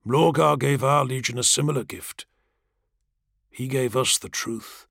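A man reading the part of a grave, earnest male warrior-priest, speaking low, soothing and solemn, in an audiobook. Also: unhurried, vocal fry, fairly bright tone, no echo, studio quality.

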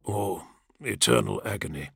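A man doing a low, soothing warrior-priest. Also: normal speed, vocal fry, fairly bright tone, breathy edge, no room sound, clean studio sound, full character voice. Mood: solemn. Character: calm, soothing male warrior-priest, grave and earnest.

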